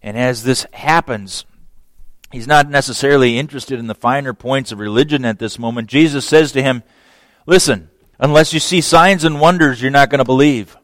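A man's voice: medium pitch, normal speed, fairly bright tone, no room sound. A man preaching a sermon who acts out scripture dialogue, raising his voice for the quoted characters.

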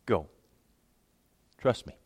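A man preaching a sermon, animated, acting out the people in the verses he reads. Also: extremely slow, no room sound. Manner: animated, acts out quoted voices with big pitch swings.

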